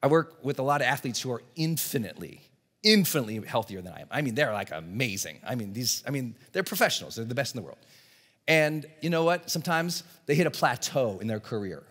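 A man giving an energetic motivational seminar talk to a live audience in a large event hall, often acting out voices in his stories. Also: medium pitch, quick pace. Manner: energetic, animated, acts out dialogue in voices. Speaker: motivational speaker and coach.

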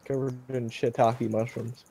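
A man's voice: mid-range voice, darkish tone. A man chatting with friends while playing an online game, joking and swearing freely. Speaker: game player. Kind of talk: casual gaming chat.

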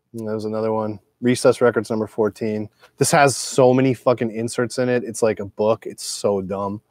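A man's voice: medium pitch, a little mellow, dry recording. Profane, rambling middle-aged man. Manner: profane, digressive, loose with filler words. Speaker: record collector showing his records. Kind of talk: casual rambling monologue.

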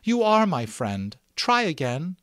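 A man voices a gentle, proud female unicorn, pitching himself above his natural register into an exaggerated, high-ish, sing-song tone. He speaks slowly in urgent, tender pleas, with a pleading mood, and the recording is dry and studio-clean.

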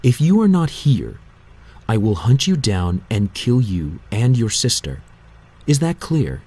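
A man reading an audiobook, voicing a menacing ancient male god of death who hisses slow threats. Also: mid-range voice, big pitch swings, dark tone, husky, voice pushed up, exaggerated voice. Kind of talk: audiobook character voice.

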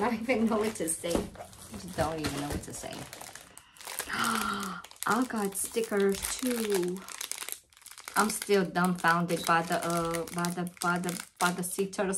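A woman's voice: fairly low pitch, takes it slowly, pauses often, background noise. A woman, opening birthday mail in a casual vlog, gushing and repeating herself as she talks to viewers. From Louisiana, USA. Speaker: crafting channel vlogger.

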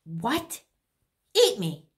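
A woman's voice: on the high side, wildly swooping pitch, extremely slow, exaggerated voice. A woman doing a grumpy tomcat, exasperated, insistent, storybook read-aloud. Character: grumpy young male house cat.

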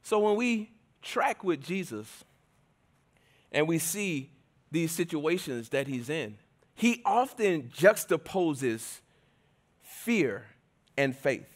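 High-voiced male preacher. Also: sing-song, slow, long pauses. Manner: conversational and emphatic, often shifting between loud and soft. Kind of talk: sermon. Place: church service.

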